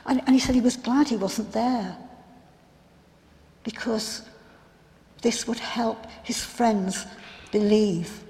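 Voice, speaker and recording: A woman playing a grieving biblical sister in a first-person dramatic monologue, telling her story in an earnest, reflective, halting way. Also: a little high, mellow. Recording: long hall reverb.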